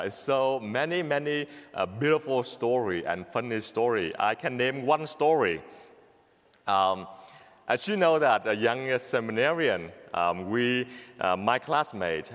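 A young Vietnamese man with an accent, a priest telling a personal story in a homily, halting, with many restarts and fillers. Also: mid-range voice, fairly bright tone, in a large hall. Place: church.

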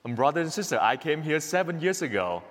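A Vietnamese priest with a Vietnamese accent delivers a homily in a fairly high, sing-song, fast, slightly bright voice. He is earnest and repetitive, now and then laughing at himself, and the church hall adds a long reverb.

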